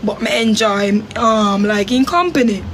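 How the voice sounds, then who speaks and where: A Jamaican woman telling a personal story in a casual way, acting out her own quotes with big jumps in pitch. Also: normal speed, a bit bright, a little hiss or hum.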